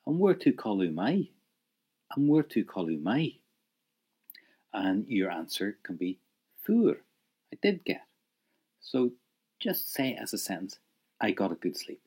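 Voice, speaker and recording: A man's voice: fairly low pitch, very animated, measured pace, long pauses, darkish tone, husky. A man leading a spoken language lesson, patiently prompting the listener to repeat phrases and praising each answer. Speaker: language teacher.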